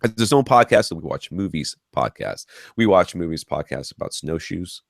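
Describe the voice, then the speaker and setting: A man around forty hosts a podcast, his voice low and deep. He rants through stories with big swings in his tone, often restarting his sentences. The sound is close and dry on a studio mic. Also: normal speed, vocal fry, no room sound. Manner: animated ranting storyteller, frequent restarts. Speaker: podcast host. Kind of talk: casual podcast chat.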